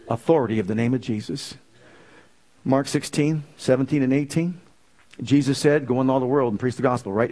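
A man preaching a sermon, firing off rhetorical questions and swinging from fervent exclamations down to low, quiet lines. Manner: rising to fervent exclamations, then dropping low; asks the audience rapid rhetorical questions.

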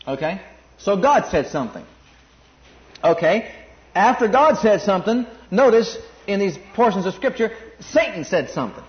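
High-pitched preacher guy, emphatic, keeps repeating himself, muffled lo-fi sound. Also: normal speed. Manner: emphatic, repeats phrases, builds to excited peaks. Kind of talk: sermon. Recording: dull lo-fi sermon recording.

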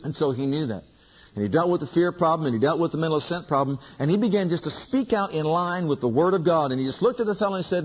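A man preaches a sermon, telling a story with acted-out dialogue and emphatic, repeated lines. His voice is on the high side, animated, quick and slightly rough, on a dull lo-fi recording.

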